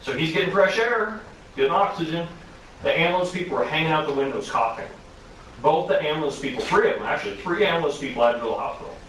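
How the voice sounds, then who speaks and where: A man's voice: on the high side, lively intonation, fast talker, fairly bright tone, slight background noise. A man teaching a first responder safety course, telling an incident story with rhetorical questions to the class. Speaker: safety trainer. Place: arena recreation centre. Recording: distant, very echoey hall.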